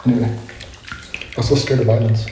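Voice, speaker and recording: Young guy vlogging a story, mellow low voice, echoey room, keeps correcting himself. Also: level tone, normal speed. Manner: rambling, self-correcting, reflective. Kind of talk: casual storytelling monologue. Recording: very echoey room, faint noise.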